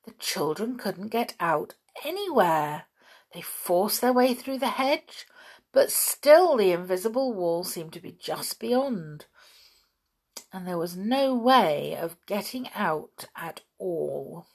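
A woman reading a children's story aloud in a gentle, expressive way. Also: mid-range voice, slow, slightly rough.

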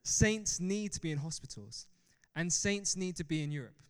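A young man preaching a sermon with an animated, joking manner, often laughing at himself. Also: a little high, normal speed, clear, resonant tone. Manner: animated, laughs often, self-deprecating asides. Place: church hall. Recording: long reverb of a large hall.

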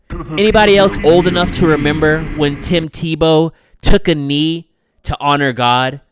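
A man hosting his own podcast in casual chat, rambling loosely and swinging between loud bursts and quiet asides. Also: fairly high pitch. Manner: loose, rambling, frequent "you know what I'm saying". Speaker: podcast host.

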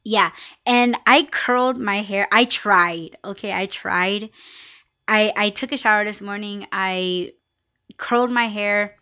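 A woman's voice: medium pitch, slow, sharp tone, clear, resonant tone. A young woman hosting a podcast on her own, chatting candidly and profanely, rambling with lots of fillers. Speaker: podcast host. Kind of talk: casual solo podcast chat.

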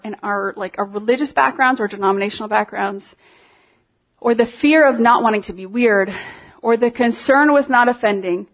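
A woman giving an informal, conversational sermon, talking with animated emphasis and lots of fillers. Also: mid-range voice, lo-fi sound. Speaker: preacher.

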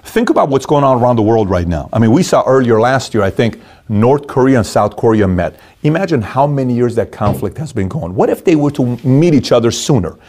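A middle-aged man giving a motivational talk on handling conflict, animated and acting out the voices of people he quotes. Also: medium pitch, fairly quick. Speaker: motivational speaker.

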